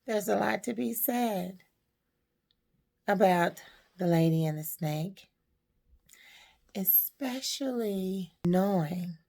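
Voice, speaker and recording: A woman telling a parable and giving life advice to women in a slow, emphatic, preaching way. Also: mid-range voice, gravelly, warm tone. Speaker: storyteller and motivational speaker.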